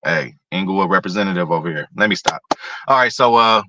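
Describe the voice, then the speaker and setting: A man's voice: sits low, quick pace, muffled recording, background noise. A man hosting a casual sports talk show, rambling and profane, talking to his viewers by name. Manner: talks to chat viewers by name.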